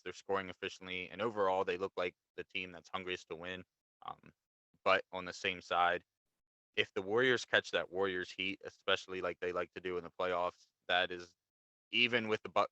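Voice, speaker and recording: A young man with a low, bright and smooth voice talks sports in a relaxed, chatty way and swears casually. The sound is dry and a bit dull, like a lo-fi mic. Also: no echo. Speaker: podcast co-host.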